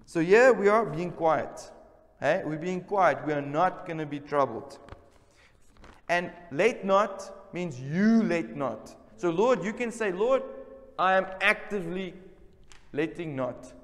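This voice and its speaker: A man's voice: a little high, lively intonation, takes it slowly, big-room sound. A man preaching a sermon in a church, emphatic and repeating key words, calling out to the congregation for responses. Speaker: pastor. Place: church service.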